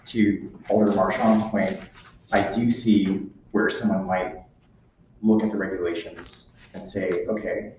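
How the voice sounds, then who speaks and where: Man, very deep voice, careful explaining, far from the mic, echoey chamber. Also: level tone, unhurried, a little mellow, a little hiss or hum. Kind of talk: committee meeting answers. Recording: distant echoey chamber, dull sound.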